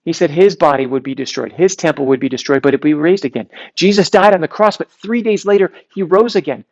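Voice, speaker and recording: A man preaching to a youth group in a relaxed, conversational way, reading scripture aloud with frequent restarts. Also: on the high side, brisk, muffled recording. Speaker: youth pastor. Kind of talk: sermon.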